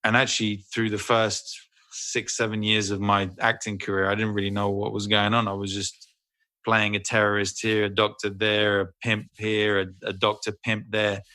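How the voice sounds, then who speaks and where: A middle-aged actor telling a story as a guest in a casual interview, animated and swearing freely. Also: male voice, lowish voice, moderate pace.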